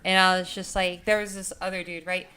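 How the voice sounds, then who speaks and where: A woman's voice: fairly low pitch, level tone, a little fast, bright, forceful tone, clear, resonant tone. A young woman vlogger telling a story in a casual, rambling way, full of filler words and swearing.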